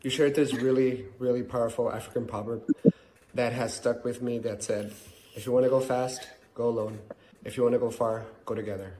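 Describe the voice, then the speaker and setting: A man's voice: mid-range voice, fairly even intonation, brisk, dark tone, slight background noise. A man giving an earnest, heartfelt birthday message.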